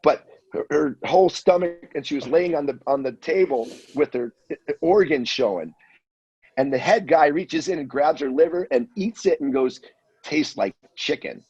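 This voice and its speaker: A man in his fifties telling a wild anecdote in a casual, animated way, acting out the voices of the people in it. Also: on the high side, moderate pace, slightly rough. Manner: animated storyteller, acts out voices. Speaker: guest storyteller. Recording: dull lo-fi audio.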